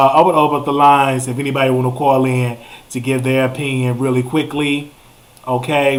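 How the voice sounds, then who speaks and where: A man, hosting a live call-in show in a chatty, animated way, repeating words for emphasis. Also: medium pitch. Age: 30s. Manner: animated, drawn-out exclamations and repetitions. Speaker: host. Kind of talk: casual live show monologue.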